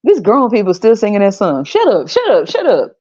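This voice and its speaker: A woman's voice: mid-range voice, huge pitch swings, a little fast, mellow, no echo, highs cut off. A woman hosting a podcast, ranting in a blunt, profane, mocking way and acting out other people's voices. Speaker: podcast host. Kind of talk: casual ranting monologue.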